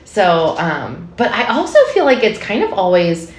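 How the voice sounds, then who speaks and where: Woman, teacher co-host, low pitch, lively intonation, echoey room. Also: moderate pace. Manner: animated, laughing, conversational. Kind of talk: casual podcast conversation.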